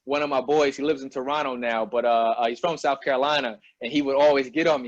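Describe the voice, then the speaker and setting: A man's voice: mid-range voice, fast, few pauses, no room sound, lo-fi sound. Slangy man interviewer from Albany. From Albany, New York. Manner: relaxed, slangy, repeats "you know what I mean". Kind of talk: casual conversational interview.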